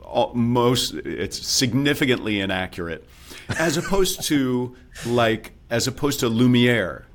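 Speaking slowly at medium pitch, this male dialect and accent coach is being interviewed on a podcast. His manner is teacherly and explanatory, patient throughout, and he livens things up with animated demonstrations.

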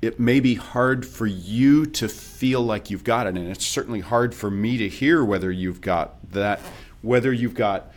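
An accent and dialect coach appears as a guest on a podcast interview, speaking in a mid-range voice at a slightly slow pace. He explains things patiently like a teacher, with animated demonstrations.

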